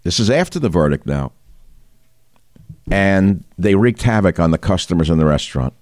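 Deep-voiced indignant male talk host. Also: expressive, normal speed, darkish tone, dry recording, studio quality. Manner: combative, indignant ranting; asks the listener rhetorical questions. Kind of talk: opinionated news commentary.

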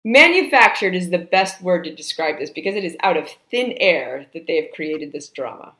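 A woman's voice: fairly low pitch, lively intonation, normal speed, sharp tone. A woman co-hosting a casual sports podcast, bantering with strong opinions and laughing often. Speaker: podcast co-host.

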